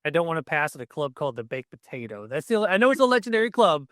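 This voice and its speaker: A man's voice: a little high, very animated, rapid-fire, dry recording, studio quality. A man guest on a podcast, chiming in with wry, half-joking remarks. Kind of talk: casual conversation.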